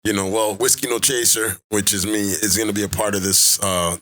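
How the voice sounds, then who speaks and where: A man's voice: fairly low pitch, steady tone, brisk, fairly bright tone. A man hosting a podcast, enthusiastic and slangy, casually swearing in conversation. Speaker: podcast host.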